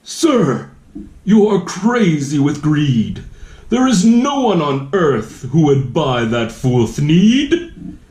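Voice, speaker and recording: A man reading a storybook aloud, voicing a short, old, mossy male creature with a sharp, bossy voice who shouts and scolds. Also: on the high side, big pitch swings, slow. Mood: scolding. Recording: roomy echo.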